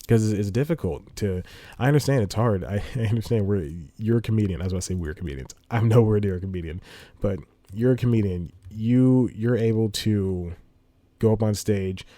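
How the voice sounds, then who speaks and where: Chatty low-voiced man podcast host. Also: fairly quick, dark tone, no room sound. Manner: rambling, laughs between phrases. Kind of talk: casual monologue. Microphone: studio microphone with headphones.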